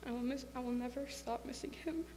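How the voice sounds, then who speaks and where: High-voiced woman, bit of fry, earnest eulogy, echoey hall. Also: fast talker, mellow. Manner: earnest and plainly worded. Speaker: soul sister giving a eulogy. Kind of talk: memorial speech. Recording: echoey hall with faint hum.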